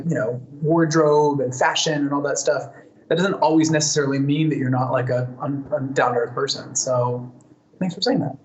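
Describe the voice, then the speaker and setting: A man's voice: on the high side, muffled recording, a little hiss or hum. A man answering fan questions in a casual live Q&A, chatty and thoughtful, with plenty of fillers and restarts. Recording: roomy echo, faint ambience.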